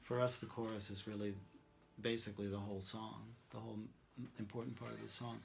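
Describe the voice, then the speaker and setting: A man's voice: on the low side, little pitch movement, fairly quick, gravelly. A man teaching songwriting, thinking aloud as he tries out rhymes and sung lines over a guitar. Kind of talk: songwriting demonstration, talking and singing.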